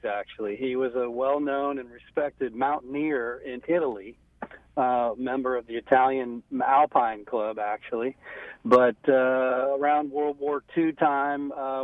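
A man's voice: mid-range voice, dry recording, recorded from a distance. Easygoing man on a tinny phone line. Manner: easygoing, many fillers. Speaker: guest, footwear industry rep. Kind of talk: phone-in radio interview.

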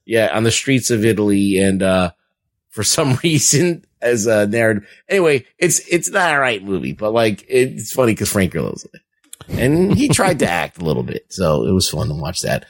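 A man's voice: on the low side, sing-song, moderate pace. Rambling, profane man on a podcast. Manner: rambling, profane, laughs while talking. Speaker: podcast co-host. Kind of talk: casual chat.

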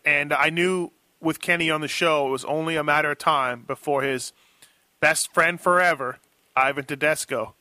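A man's voice: fairly high pitch, bright, forceful tone, no room sound. A man co-hosting a casual show, chatty, laughing often and repeating his words as he talks. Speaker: podcast co-host. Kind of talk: casual chat.

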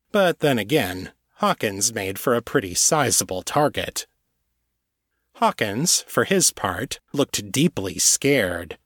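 A man narrating a novel chapter in scripted audiobook style, with a measured, even delivery. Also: mid-range voice, no echo, studio quality.

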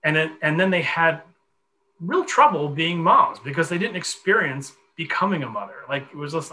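A man in his forties telling a long personal story in a podcast conversation, animated and full of fillers. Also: a little high, moderate pace, slight background noise, poor audio. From Connecticut. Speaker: guest.

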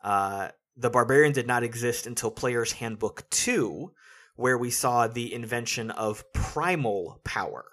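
A man hosting a casual podcast discussion, explaining things in a steady, analytical way. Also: mid-range voice, unhurried. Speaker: podcast host.

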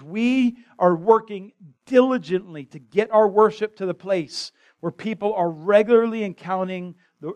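A man's voice: high voice, a little mellow. A man preaching a conversational, impassioned sermon as pastor in a church. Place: church sanctuary.

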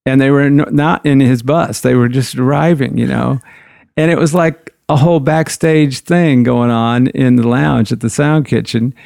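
A man's voice: medium pitch, fairly even intonation, moderate pace, vocal fry, darkish tone, no room sound, studio quality. A man, a guitarist, telling rambling stories from the road in a loose, conversational way. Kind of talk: anecdotal storytelling.

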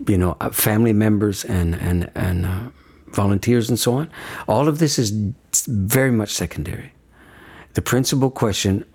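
A man's voice: on the low side, darkish tone, breathy edge. A man speaking as a guest in an interview, talking earnestly and emphatically, often stopping to check "okay?" with restarts along the way. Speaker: guest speaker on death and dying. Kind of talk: reflective conversational talk.

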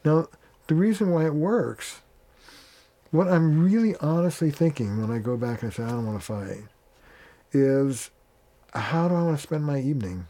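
A man with a mellow, warm-toned voice talks as a family therapist being interviewed. He is plain-spoken and casual, and he slips into quoted lines of dialogue to make his points. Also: fairly high pitch, expressive, moderate pace, pauses often. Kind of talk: conversational interview.

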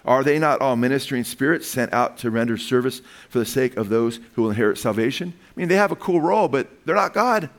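A man preaching with lively energy, throwing questions at his listeners and acting out the lines he reads. His pitch jumps up and drops low as he builds each point. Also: quick pace, few pauses. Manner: animated, asks the congregation questions, acts out quotes. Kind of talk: sermon.

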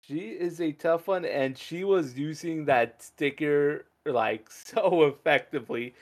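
A man hosting a casual podcast chat, rambling and animated, laughing often as he talks. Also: fairly high pitch, slow pace.

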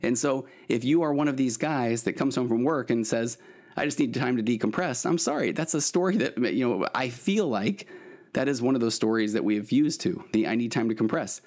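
A middle-aged man talks straight to his listeners in a solo podcast, earnest and coaching. His voice sits at a middle pitch, and he acts out quoted lines from spouses and kids. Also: a little fast, darkish tone. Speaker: podcast host and therapist. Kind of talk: casual podcast monologue.

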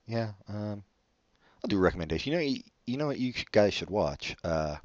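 A man with a deep voice rambles through a solo podcast episode, mumbling and putting himself down as he drifts between thoughts. The recording is dry and a little dull, with no room sound. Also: expressive, fairly quick, no echo. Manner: mumbling, self-deprecating, trails off. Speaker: podcast co-host.

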